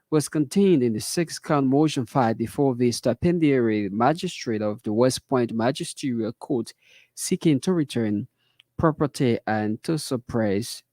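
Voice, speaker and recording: A man with a Liberian English accent, reading a formal news report at a measured pace. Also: mid-range voice, a little mellow, no echo. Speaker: news anchor.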